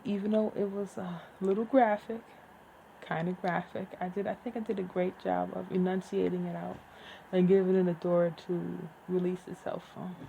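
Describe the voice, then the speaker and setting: A woman who hosts a podcast, reading her own fiction aloud and then chatting casually, with slow, deliberate enunciation and rambling asides. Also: mid-range voice, gravelly, warm tone, slight background noise, poor audio. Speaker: podcast host and author.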